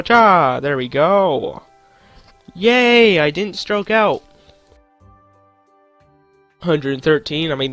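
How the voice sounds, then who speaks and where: A man's voice: fairly high pitch, a bit bright, no echo. A young man commentating his own gameplay, joking to himself and swearing at the game. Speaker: gaming channel host.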